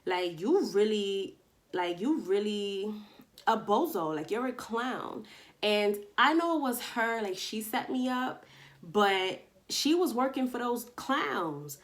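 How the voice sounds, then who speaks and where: A woman's voice: mid-range voice, slow pace. Slangy New woman telling a story. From Long Island, New York. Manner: animated, slangy storytelling with re-enacted dialogue. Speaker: vlogger. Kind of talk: casual storytime. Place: indoors at home, daytime.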